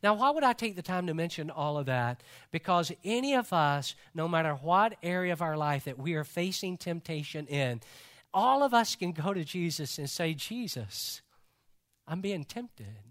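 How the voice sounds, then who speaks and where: A man preaching a sermon in an earnest manner, repeating key phrases and dropping to a hushed voice when he quotes others. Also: on the high side, lively intonation, normal speed.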